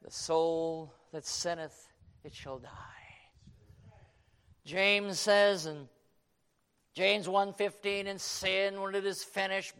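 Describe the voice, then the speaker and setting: A man preaching a sermon, quoting scripture and swinging from hushed tones to shouting. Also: high-pitched, smooth. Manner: quotes King James scripture.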